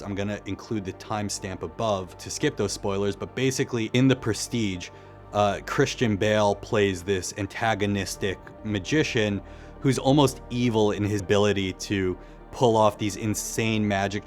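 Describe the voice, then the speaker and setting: A man giving a casual, reflective film commentary in a conversational way. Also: fairly low pitch. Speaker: video essayist.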